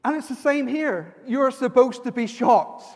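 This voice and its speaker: A man's voice: very high-pitched, lively intonation, a little slow. A man preaching a sermon in a church, earnest and personal, building to emphatic repeated lines. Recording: long hall reverb.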